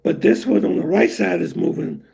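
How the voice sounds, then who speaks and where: A man hosting a casual livestream, answering chat in a weak, raspy, breathy voice, rambling with many fillers. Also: high voice, normal speed, warm tone. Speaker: livestream host reading chat.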